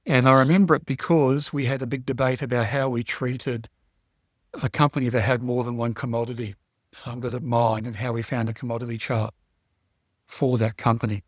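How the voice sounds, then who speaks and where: A man co-hosting a casual investing podcast, talking in a relaxed, rambling way with fillers as he thinks aloud. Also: mid-range voice, brisk, no room sound, clean studio sound. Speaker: podcast co-host.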